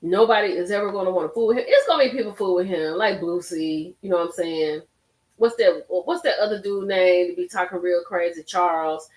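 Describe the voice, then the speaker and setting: A woman's voice: on the low side, brisk, a little mellow. A woman hosting a casual live stream, reacting expressively and talking straight to her chat. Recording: roomy echo.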